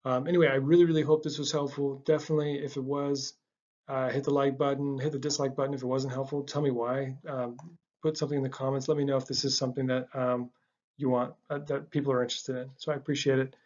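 A man giving a casual language lesson, relaxed, with frequent ums and uhs, repeating words slowly for learners. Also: mid-range voice, highs cut off. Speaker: language teacher.

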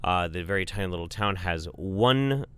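A man's voice: deep voice, animated, normal speed, fairly bright tone, clear, resonant tone. A man casually telling a comic family story, rambling and profane, with lots of fillers.

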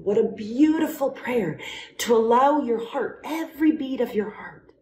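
A woman hosting a devotional talk, praying aloud in a soft, half-whispered way. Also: a little high, measured pace. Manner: soft, prayerful, often breathy and half-whispered. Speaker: host leading prayer. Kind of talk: devotional talk with spoken prayer. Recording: roomy echo with faint background noise.

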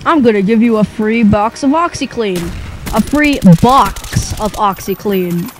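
A young man putting on the voice of a male TV pitchman, loud and salesy, without much change from his own voice. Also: lively intonation, measured pace, a little hiss or hum. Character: male pitchman doing a cheery TV ad.

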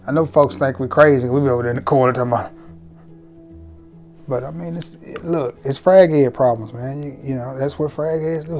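A man's voice: medium pitch, a little fast, music in the background. A man hosting a casual fragrance review vlog, talking straight to viewers in a laid-back, joking, colloquial way.

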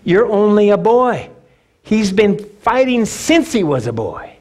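A man's voice: sits high, sing-song, unhurried, darkish tone, pitched above the performer's own voice, exaggerated voice. A preacher doing a doubtful, dismissive king.

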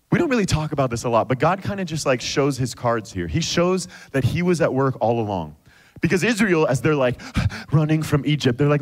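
A male pastor preaching a lively sermon, acting out quoted voices of God and the people. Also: a little high, fairly quick.

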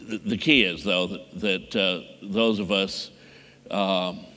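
A man giving a measured, deliberate conference talk as a mayor on a panel. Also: deep voice, fairly even intonation, bright, forceful tone. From Indiana. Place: large conference hall. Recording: long hall reverb.

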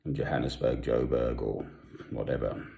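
Deep-voiced older man rambling in an echoey room. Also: fairly even intonation, vocal fry, warm tone. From South Africa. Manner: meandering, with long pauses and asides. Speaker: Christian vlogger. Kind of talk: rambling personal monologue. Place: home.

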